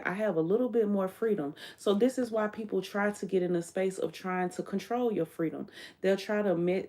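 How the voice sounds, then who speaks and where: A woman's voice: lowish voice, dark tone. Blunt, profane woman on a livestream. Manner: blunt, profane and emphatic, often quoting herself. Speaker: livestream host. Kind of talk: candid unscripted monologue.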